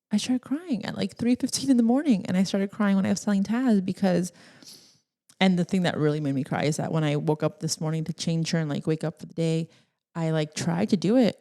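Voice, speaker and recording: A young woman hosts a solo podcast, her voice low and dark in tone. She talks in a casual, rambling, emotional way, laughing often and at times becoming tearful.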